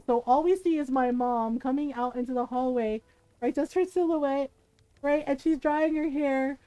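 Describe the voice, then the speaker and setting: A woman streamer telling a family story in casual chat, animated, often laughing and asking "right?". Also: high-pitched, normal speed, no echo, soft background music, low-quality recording.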